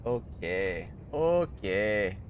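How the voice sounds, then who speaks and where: A man chatting casually on a livestream, laughing often and thanking viewers excitedly. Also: lowish voice, extremely slow, highs cut off, soft background music. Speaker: streamer.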